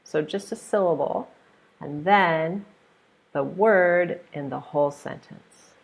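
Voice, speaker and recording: Slow, gravelly-voiced American woman teacher. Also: low-pitched. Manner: patient, repeats example words with clear emphasis. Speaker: English pronunciation teacher. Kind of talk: online pronunciation lesson.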